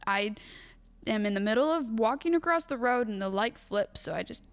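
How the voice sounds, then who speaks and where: A woman's voice: fairly high pitch, animated, normal speed. A young woman co-hosting a podcast, telling a story in casual chat, swearing freely and laughing often. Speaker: podcast co-host.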